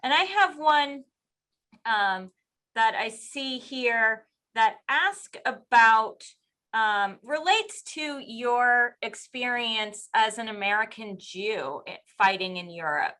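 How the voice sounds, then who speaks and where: A woman interviewing a guest, measured and appreciative as she frames her questions. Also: a little high, expressive, sharp tone.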